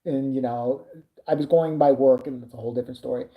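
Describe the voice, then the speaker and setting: A woman's voice: extremely low pitch, fairly even intonation, fast, narrow, tinny audio. A woman vlogger telling a casual story with plenty of swearing, exasperated and acting out what people said. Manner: profane, exasperated, acts out quoted dialogue.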